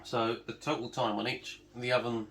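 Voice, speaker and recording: A man, calmly explaining test results in a casual home chat. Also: mid-range voice, normal speed, a little hiss or hum. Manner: calm, explanatory. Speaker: vlog co-host. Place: home kitchen. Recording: echoey room.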